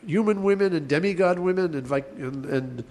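Male teacher, slightly high voice, hesitant, chants verses slowly. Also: a little mellow. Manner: halting, thinks aloud, chants verses slowly. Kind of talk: class lecture on Sanskrit poetics.

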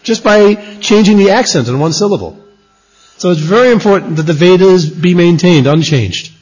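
A man with a husky, slightly high voice gives an emphatic scripture lecture, his pitch rising and falling a lot as he hammers home his points. The recording is dull and lo-fi. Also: animated, normal speed, darkish tone. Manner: emphatic, repeats key points. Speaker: religious teacher.

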